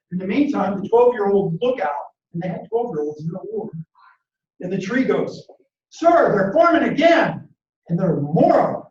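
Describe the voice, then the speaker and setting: Male motivational speaker, dramatic storyteller; dull lo-fi, roomy recording. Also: sits high. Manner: dramatic, acts out quotes and shouts battle orders. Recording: echoey room, distant mic, dull lo-fi sound.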